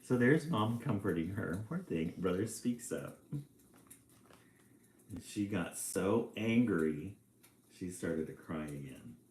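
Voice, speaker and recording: A man reading a children's picture book aloud, with relaxed, chatty asides between passages. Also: deep voice, takes it slowly, long pauses, slight background noise. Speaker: storybook reader. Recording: echoey room.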